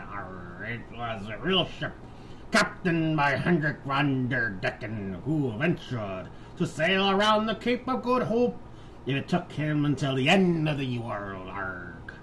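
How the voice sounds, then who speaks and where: Growling male pirate narrator, gruff and low, arr-heavy; a man doing the voice. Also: fairly bright tone, a little hiss or hum. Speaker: podcast co-host.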